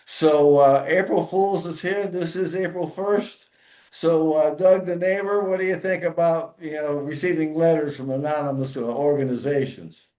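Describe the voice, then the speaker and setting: A man hosting a podcast, telling a story in an easygoing way with many filler pauses. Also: a little high, fairly even intonation, mellow. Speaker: podcast host. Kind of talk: casual storytelling chat. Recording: roomy echo.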